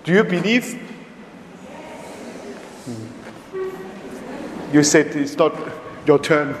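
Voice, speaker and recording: A priest preaching a homily, his voice fairly high for a man and very slow. He pauses often and leans on his words. The sound rings in a large church with a long reverb. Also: expressive, slight background noise. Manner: slow, emphatic, pausing often, non-native phrasing. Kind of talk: homily at Mass.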